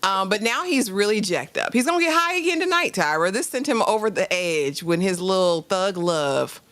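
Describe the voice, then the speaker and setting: A woman's voice: medium pitch, very animated, moderate pace, a bit bright. A woman co-hosting a casual TV recap chat, incredulous and laughing as she quotes characters. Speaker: podcast co-host.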